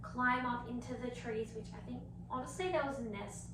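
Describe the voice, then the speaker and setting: Young woman, high voice, animated casual storyteller; roomy and off-mic. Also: normal speed, distant mic. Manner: animated, laughing, acts out others' lines. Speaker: podcast co-host. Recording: roomy echo, a bit off mic, faint hiss.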